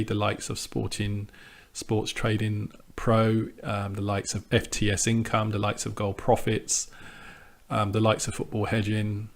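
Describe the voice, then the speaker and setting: A man with a fairly low voice talks through his trading project in a loose, unscripted way. He hesitates a lot, circles back on his words, and sounds defiant and dismissive of doubters. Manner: conversational with frequent ums and restarts. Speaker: sports trader vlogger. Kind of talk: casual monologue to camera.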